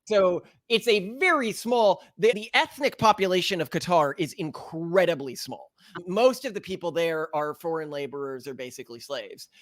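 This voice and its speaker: Emphatic American man, higher pitch. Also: normal speed, no echo, studio quality. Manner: animated, emphatic, quotes imagined listeners. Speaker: podcast co-host. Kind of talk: casual opinionated commentary.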